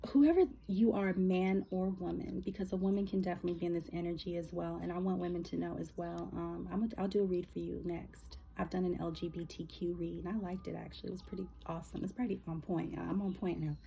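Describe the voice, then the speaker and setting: A woman giving a casual spiritual reading, rambling and emotional, with many halting fillers. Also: lowish voice, level tone, creaky, warm tone, dull audio, slight background noise. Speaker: spiritual reader.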